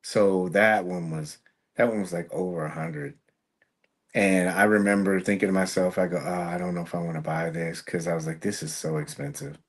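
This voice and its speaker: A man who is a guest on a casual podcast, telling relaxed stories about when he was first starting out. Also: low voice, moderate pace. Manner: relaxed, reminiscing storyteller. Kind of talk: casual chat.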